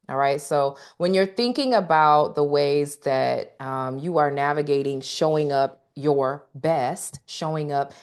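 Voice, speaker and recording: A woman leading a live online coaching session, speaking straight to her audience with emphatic repetition and frequent "okay?" check-ins. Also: extremely low pitch. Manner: emphatic, repeats key phrases, checks in with "okay?"; talks directly to the audience. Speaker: workshop speaker.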